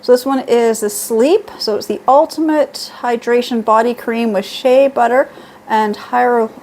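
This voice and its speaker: A woman's voice: on the high side, normal speed, a little mellow, a little hiss or hum. A middle-aged woman chatting casually at home through a beauty haul, reading prices and labels aloud. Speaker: beauty vlogger.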